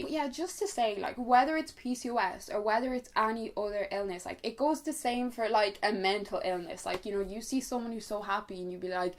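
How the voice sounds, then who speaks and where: A woman's voice: mid-range voice, brisk, few pauses. A young woman talking candidly to her viewers in a casual vlog, chatty, full of fillers and the odd swear word. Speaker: vlogger. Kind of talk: casual chat to camera.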